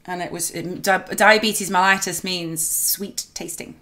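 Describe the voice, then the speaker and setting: A woman's voice: fairly low pitch, steady tone, measured pace, sharp tone. A woman in her thirties chatting casually as co-host of a reaction video, laughing often. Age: 30s. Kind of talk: casual chat.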